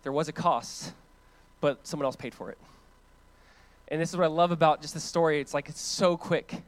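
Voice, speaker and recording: A man, a pastor preaching a conversational, animated sermon that swings between loud emphasis and quiet, hushed lines. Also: on the high side, normal speed, no echo.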